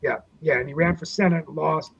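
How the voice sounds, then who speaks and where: A man with a fairly high voice shares memories in an unhurried, filler-heavy way. He co-hosts a casual political talk show. The sound is a bit dull and lo-fi. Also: vocal fry, a loud crowd. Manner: reminiscing, many uh fillers. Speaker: co-host, city councilman.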